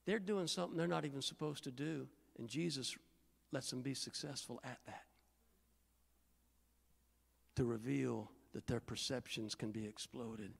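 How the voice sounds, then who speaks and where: A man's voice: mid-range voice, gravelly, breathy edge, long reverb tail. A middle-aged male pastor from Indiana preaching a sermon and telling stories, acting out the voices of the people in them. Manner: animated storytelling, acting out voices. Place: church sanctuary.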